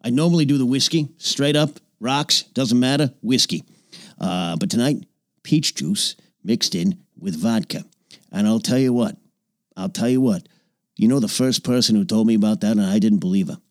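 A man in character as an aging, boastful old-Hollywood film producer who hosts a comedy podcast, rambling and name-dropping, sometimes dropping into low confidential mutters. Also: moderate pace, no room sound, studio quality, lightly acted. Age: older. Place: small home recording nook.

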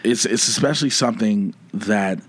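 A man's voice: fairly low pitch, normal speed. A man speaking as a podcast guest in a candid, emotional conversation, earnest and open. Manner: earnest, open, acts out others' words.

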